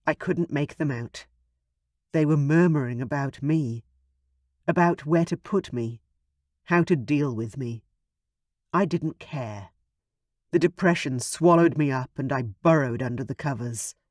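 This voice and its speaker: Male audiobook narrator, unhurried, dry close recording, mid pitch. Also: a little mellow, no echo. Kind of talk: first-person romance audiobook narration.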